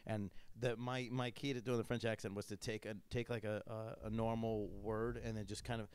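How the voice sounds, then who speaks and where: A man's voice: on the low side, fairly quick, clear, resonant tone, no room sound. A man hosting a podcast in casual chat, rambling and joking as he tells stories and acts out voices. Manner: rambling, animated storyteller who jokes and acts out voices. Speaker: podcast host.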